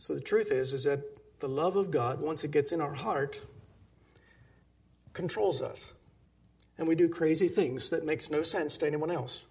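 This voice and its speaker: A man's voice: fairly high pitch, vocal fry, a little mellow, slightly rough. A man preaching a sermon, telling a story earnestly and closing in prayer. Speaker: pastor.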